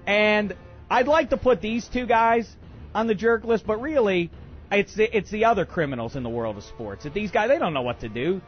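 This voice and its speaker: Excitable, bombastic radio host. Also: male voice, high voice, normal speed, slightly rough, dull audio, soft background music. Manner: excitable and bombastic, with many uhs. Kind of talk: comedic sports talk radio rant.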